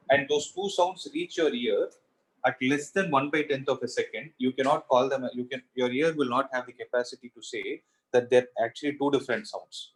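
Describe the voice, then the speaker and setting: A man's voice: medium pitch, slightly rough, poor audio. A man teaching a physics class, explaining step by step and asking himself questions as he goes. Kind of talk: classroom lecture.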